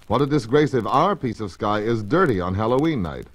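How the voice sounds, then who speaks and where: A man voicing a fussy, fretful old female witch in a storybook record, raising his voice to a higher, exclaiming tone. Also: animated, fairly quick. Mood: bossy.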